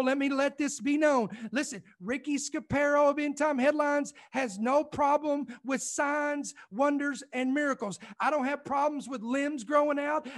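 A male preacher delivers an impassioned sermon in a strikingly high voice. He presses his points over and over, cutting in with "listen" and stumbling into restarts as his fervor builds. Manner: fervent, emphatic, repeats "listen" and "I'm telling you"; restarts and stumbles when heated. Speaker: preacher and ministry host.

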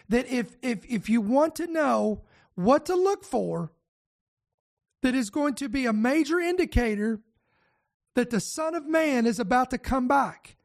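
A man preaching a podcast sermon, fervent and emphatic, firing off rhetorical questions and warnings. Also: very high voice.

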